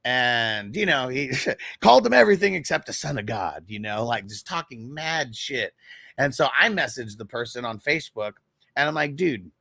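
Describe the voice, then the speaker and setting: A man's voice: medium pitch, animated, normal speed, vocal fry, pushed and bright, no room sound, studio quality. A man hosting a fantasy football show, telling a story in a casual, profane, rambling way. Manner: profane, rambling, with frequent laughs.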